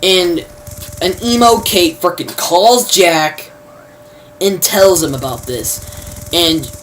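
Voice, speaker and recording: Rambling low-voiced woman recapping a show. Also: slow pace, long pauses. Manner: rambling, many fillers and restarts, mild slang. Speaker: TV episode reviewer. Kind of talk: casual spoken episode recap. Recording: distant mic, faint background noise.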